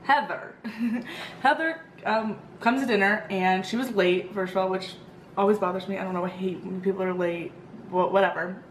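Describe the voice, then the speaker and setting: A woman's voice: mid-range voice, steady tone, normal speed, a little hiss or hum. Chatty young woman in an echoey room. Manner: chatty, rambling, lots of fillers. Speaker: vlogger. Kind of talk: casual storytelling rant.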